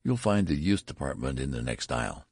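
Here is a curious, fussy store clerk with a brisk, puzzled delivery. His voice sits a little higher than the reader's own and stays husky, a man acting him out in an audiobook. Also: very animated, a little mellow, no room sound, clean studio sound, exaggerated voice.

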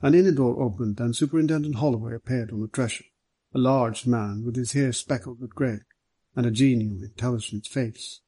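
A man narrating an audiobook in a measured, even reading. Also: mid-range voice, husky, dry recording.

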